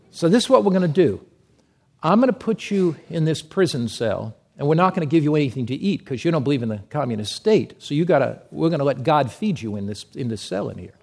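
A man's voice: fairly high pitch, darkish tone. A man voicing a big, boastful communist prison captain who taunts a prisoner.

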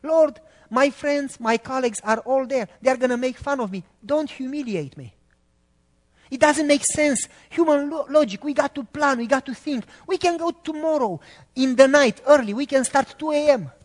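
A man's voice: very high-pitched, normal speed, big-room sound, voice pushed up. A man, acting out the apostle Peter as a doubting fisherman full of excuses, speaking in a pleading, exasperated way.

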